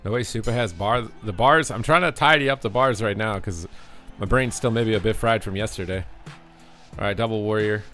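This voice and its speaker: A man's voice: fairly low pitch, fairly quick, fairly bright tone. Rhyming male gamer over faint music. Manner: playful rhyming delivery. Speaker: gamer streamer. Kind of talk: rhyming rap commentary over gameplay.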